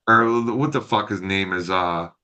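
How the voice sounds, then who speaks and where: A man's voice: sits low, normal speed, sharp tone. A man telling a rambling, profane story on a casual podcast and acting out the quotes. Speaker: podcast co-host.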